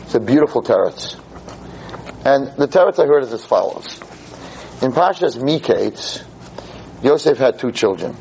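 A man teaching a Torah class to a live audience, animated and explaining with everyday stories and questions to the room. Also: medium pitch, moderate pace, long pauses, a little hiss or hum, low-quality recording. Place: in front of an audience.

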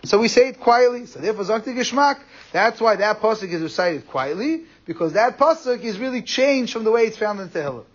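A man teaching a Torah class, explaining quickly and animatedly, with Hebrew and Yiddish terms in his English. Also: high-pitched, very animated. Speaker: rabbi giving a class. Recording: muffled lo-fi recording.

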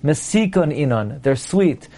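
A man's voice: on the high side, lively intonation, measured pace, warm tone. A man teaching a Torah lecture, emphatic, asking his listeners rhetorical questions and quoting Hebrew and Aramaic texts before translating them.

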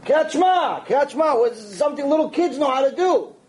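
Animated high-voiced man giving a Torah lecture. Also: brisk. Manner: animated, conversational, acts out quoted voices. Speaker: rabbi.

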